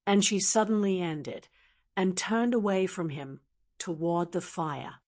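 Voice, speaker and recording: A text-to-speech woman's voice narrating a classic novel as an audiobook, in an even, measured way. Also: on the low side. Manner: even, measured synthetic delivery. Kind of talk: scripted narration.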